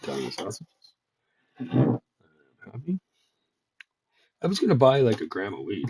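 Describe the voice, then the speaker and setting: A man's voice: low-pitched, big pitch swings, normal speed, pauses often, breathy edge, no room sound. A man talking casually to his stream, cursing heavily and stammering when worked up, then muttering to himself as he works at his computer. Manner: mutters quietly to himself while using the computer. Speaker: streamer working on a worldbuilding project. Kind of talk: casual solo stream talk.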